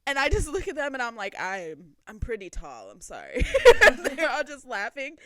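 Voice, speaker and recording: A woman's voice: high voice, wildly swooping pitch, moderate pace. A woman co-hosting a casual podcast, telling a story animatedly, acting out quotes and laughing often. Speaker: podcast co-host.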